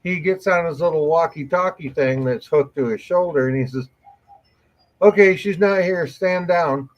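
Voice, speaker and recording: A high-pitched man spins a long, rambling story on a casual live morning stream, crude and laughing as he goes. The audio is dull and lo-fi, like a cheap streaming setup. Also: normal speed. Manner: rambling, laughs through anecdotes, crude humor. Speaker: morning show co-host.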